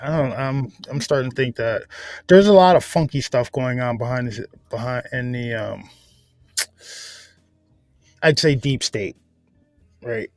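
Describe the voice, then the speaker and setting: A man on a podcast panel asking questions in a halting way, with many restarts. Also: mid-range voice, darkish tone, no room sound. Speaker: panel guest. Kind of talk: casual panel talk.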